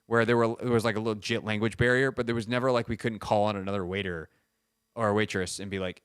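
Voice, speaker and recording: A man's voice: on the low side, fairly even intonation, fast, smooth, no echo. A man hosting a sports radio show, telling stories in a casual, rambling way and poking fun at himself, on a studio microphone. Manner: rambling, self-mocking storytelling.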